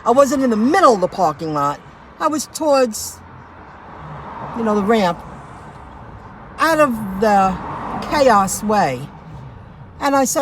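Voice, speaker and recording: A woman with a high voice tells a rambling story on a casual livestream from inside a car. She repeats herself and restarts sentences as she goes. Clear road noise runs behind her voice. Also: very animated, slow pace, long pauses, fairly bright tone, poor audio. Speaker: food delivery driver vlogger.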